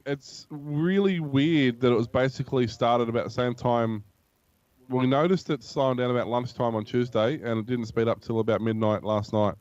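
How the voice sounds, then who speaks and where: A man's voice: mid-range voice, fairly even intonation, moderate pace, a little mellow, dry recording. Dry man on a muffled mic. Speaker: podcast co-host. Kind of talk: casual tech podcast chat.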